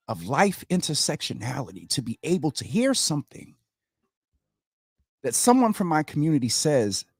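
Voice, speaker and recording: Animated earnest man hosting a show. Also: fairly high pitch, breathy edge, no room sound, clean studio sound. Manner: earnest, animated, addresses viewers as y'all. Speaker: host of a community talk show. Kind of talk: casual livestream commentary.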